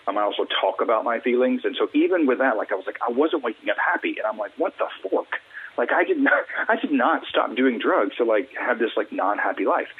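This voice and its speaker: A husky, low-voiced man from the Deep South speaks through a thin, tinny phone line. He talks earnestly and breaks into bright, acted-out snippets of small talk. His voice stays fairly low through it all. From Alabama, US Deep South. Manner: animated, acts out quoted small talk. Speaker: guest, mental wellness coach.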